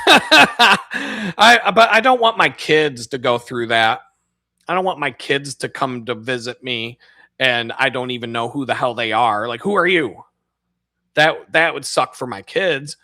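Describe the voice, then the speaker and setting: A man's voice: medium pitch, moderate pace, pushed and bright, no room sound, clean studio sound. A man on a live stream, ranting casually in a profane, rambling, mocking way. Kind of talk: casual rant.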